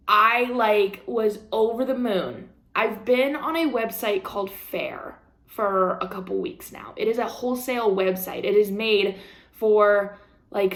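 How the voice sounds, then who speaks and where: A young adult woman, a craft vlogger and small business owner, talking in a casual, bubbly and excitable way, swearing freely and filling her speech with "like" and "um". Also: mid-range voice. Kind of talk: casual chatty vlog talk.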